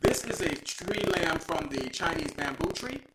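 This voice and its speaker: A man's voice: fairly high pitch, lively intonation, unhurried. A man from Texas, hosting a live show in a playful, preachy storytelling way. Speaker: host. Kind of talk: lively live show talk. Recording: echoey room with loud noise.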